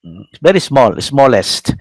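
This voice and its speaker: A middle-aged man with a Filipino accent giving a classroom lecture, pausing often with fillers and checking in with "no?". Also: medium pitch, very animated, dry recording, low-quality recording. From Philippines. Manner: halting, many fillers, checks in with "no?".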